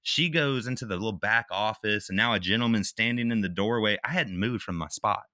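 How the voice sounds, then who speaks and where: A military veteran appears as a guest, a man whose voice sits on the low side, recounting a personal story in casual conversation at a brisk pace. The recording is studio quality with no room sound. His retelling is animated as he acts out what others said, sprinkling in "dude" and "bro."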